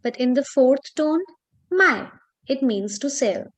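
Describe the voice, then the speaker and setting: A woman teaching a Chinese lesson, explaining slowly with pauses and fillers. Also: high voice, warm tone. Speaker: Chinese tutor. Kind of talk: online language lesson.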